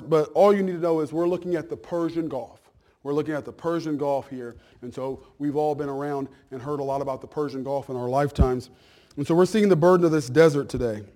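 Folksy preaching man, slightly high voice. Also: darkish tone. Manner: conversational, folksy, repeats words, checks in with listeners. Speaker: pastor. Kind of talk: sermon and Bible class announcements.

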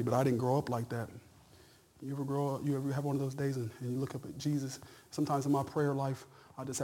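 A middle-aged male pastor preaching a sermon in a conversational, folksy way, stammering and then rising to loud shouted peaks. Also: mid-range voice.

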